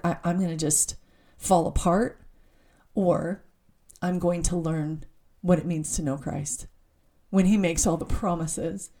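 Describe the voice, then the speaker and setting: A woman's voice: fairly low pitch, mellow. A middle-aged woman giving an earnest, heartfelt personal faith talk, often stopping to correct herself.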